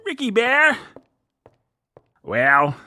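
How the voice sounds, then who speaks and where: A man's voice: very high voice, wildly swooping pitch, drawn-out words, pushed and bright, no echo, heavily acted. A man playing a cheery, hapless father who jokes and laughs his way through trouble. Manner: jokey, folksy, laughing through it. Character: goofy, cheery, hapless dad.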